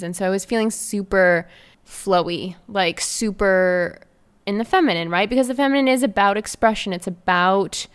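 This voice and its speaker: This young Canadian life coach has a lowish, clean-toned voice as she hosts her solo podcast. She tells her story in a gushing, talkative way, filling it with lots of fillers.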